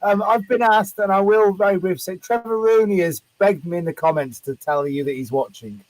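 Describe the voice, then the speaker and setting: A man hosting a casual interview, relaxed and chatty, asking questions and passing on viewer comments. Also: high-pitched, fairly quick, dry recording, low-quality recording. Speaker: interview host.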